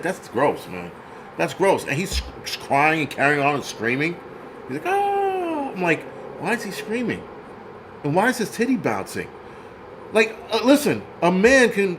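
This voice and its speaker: A man's voice: on the high side, slight background noise. A man hosting his own channel, ranting bluntly and profanely in casual commentary with many restarts. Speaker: channel host.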